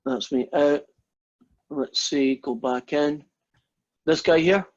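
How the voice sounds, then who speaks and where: A man's voice: fairly high pitch, slow. A man teaching a math class over a video call, chatty and friendly. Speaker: math instructor. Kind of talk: online class, casual. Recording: dull lo-fi call audio.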